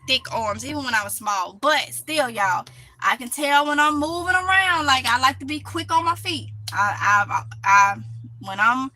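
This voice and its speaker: Bright high-voiced Mississippi woman. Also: low-quality recording. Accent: Mississippi Southern. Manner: chatty, talks back to comments, laughs often. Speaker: channel host reading live chat. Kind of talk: casual live-stream chat. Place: greenhouse.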